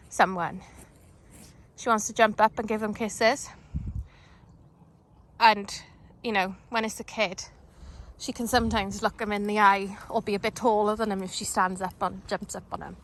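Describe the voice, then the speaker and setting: A woman walking her dogs outdoors chats casually to a handheld phone camera, rambling with lots of fillers and pausing to talk to the dogs. Her mid-range voice is fairly bright and fairly even, at a moderate pace. The phone recording is rough, with clear background noise.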